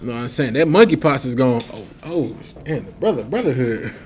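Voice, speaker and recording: A man's voice: mid-range voice, animated, moderate pace, a little mellow, a little hiss or hum. A man telling a long street story in casual slang, laughing often and acting out the other voices.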